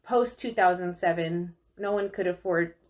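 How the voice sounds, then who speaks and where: A woman's voice: on the low side, moderate pace, darkish tone. A woman co-hosting a podcast, telling a feel-good story in an upbeat, chatty way. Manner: upbeat and enthusiastic. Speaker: podcast co-host. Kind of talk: casual storytelling chat.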